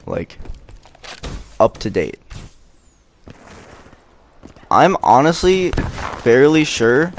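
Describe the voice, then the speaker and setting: Young man, vlogger, lowish voice, cursing a lot, rambling story, faint background hiss. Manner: profane, rambling, self-deprecating. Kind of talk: casual storytelling vlog.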